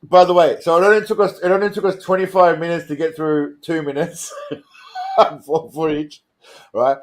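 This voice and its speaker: A man's voice: a little high, wildly swooping pitch, normal speed. A man hosting a casual comedy stream, crude and mocking, laughing often and talking to his chat. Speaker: stream host.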